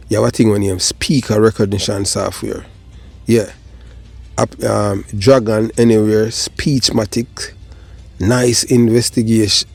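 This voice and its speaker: A man's voice: on the low side, creaky, darkish tone, slightly rough. A Jamaican man hosting his channel, giving a rambling casual commentary that slips in and out of patois. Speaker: channel host.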